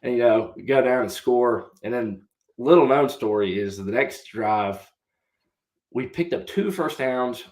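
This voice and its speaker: A man's voice: medium pitch, unhurried, darkish tone. A young man in his twenties, a podcast guest and former college quarterback, telling a long story in a casual way and answering politely with "yes, sir.". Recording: roomy echo.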